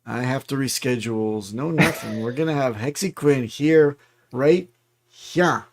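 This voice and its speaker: A man's voice: mid-range voice, measured pace. A man co-hosting a casual livestream chat, joking and mocking himself. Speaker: co-host.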